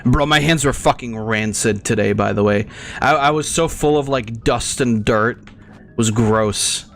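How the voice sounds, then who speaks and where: A young man chatting loosely over his gameplay, with a voice of middling pitch that drifts between topics. He talks crudely, swears freely, and rambles from one aside to the next. A faint bit of music sits underneath him. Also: a little slow, vocal fry, fairly bright tone. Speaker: gaming channel host. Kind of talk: casual gameplay commentary.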